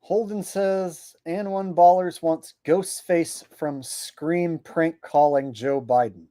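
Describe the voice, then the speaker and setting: A man's voice: a little high, takes it slowly, mellow, no echo. A man hosting a livestream, reading viewer messages aloud and ranting in a blunt, profane way. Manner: blunt and profane, exasperated rants; reads viewer messages aloud in mock voices. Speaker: livestream host reading viewer super chats. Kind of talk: casual livestream chat.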